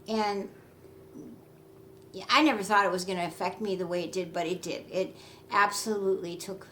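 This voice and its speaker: A woman's voice: fairly low pitch, slight background noise. Earnest woman telling her story. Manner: earnest, emotional, rambling with restarts. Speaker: doll maker and memory care worker. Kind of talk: personal storytelling to camera.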